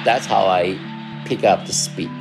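A man in his seventies from Taiwan with a Taiwanese accent, recalling his past in an interview with halting, unhurried speech and many fillers. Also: deep voice, creaky. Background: music.

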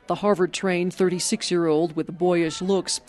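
A woman correspondent reading a scripted radio news report in a measured, even delivery. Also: lowish voice, faint music behind.

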